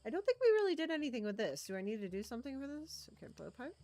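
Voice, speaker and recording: A woman's voice: high-pitched, very animated, very fast, darkish tone. Chatty woman streamer thinking aloud. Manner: playful, adds silly sound noises; coos affectionately at game creatures. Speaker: streamer playing a video game. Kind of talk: casual live-stream commentary.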